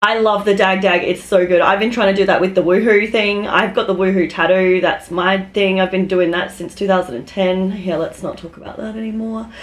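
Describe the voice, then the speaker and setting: A woman's voice: mid-range voice, steady tone, fairly quick, few pauses, a little hiss or hum. A woman hosting a podcast, upbeat and enthusiastic in casual conversation. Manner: upbeat, enthusiastic, laughs often. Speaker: podcast host. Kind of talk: casual interview chat.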